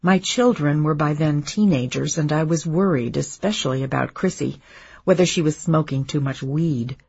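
A woman narrating a memoir in a measured, subdued reading. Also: low voice, gravelly, a little mellow, breathy edge, dull audio.

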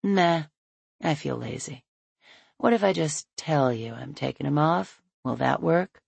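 A woman reading the lines of a teasing, wry grown man in an audiobook, in a dry, low-key manner. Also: expressive, measured pace, creaky, a little mellow, slightly rough, no echo, full character voice.

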